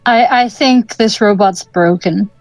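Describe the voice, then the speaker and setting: A woman in casual chat who makes dry, teasing remarks. She talks slowly. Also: mid-range voice, no room sound, poor audio.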